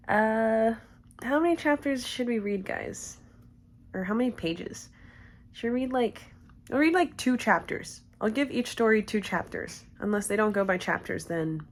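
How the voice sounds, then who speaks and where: Slow-talking, chatty woman reading fanfic. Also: a little high. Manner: chatty, giggly, self-conscious asides. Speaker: video creator reading fanfiction. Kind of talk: casual chat and reading aloud.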